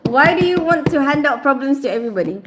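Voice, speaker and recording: A woman's voice: high-pitched, animated, fast talker, noisy background. Chatty middle-aged woman hosting a live stream. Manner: chatty, teasing, laughs often, scolds a viewer playfully. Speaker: livestream host reading chat. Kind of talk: casual live-stream chat.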